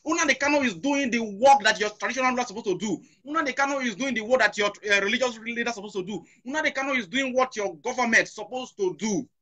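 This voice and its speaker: Emphatic Nigerian man, high bright voice. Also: quick pace, few pauses. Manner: emphatic, repeats questions, swears, mixes in Nigerian Pidgin. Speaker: host. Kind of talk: impassioned talk show discussion.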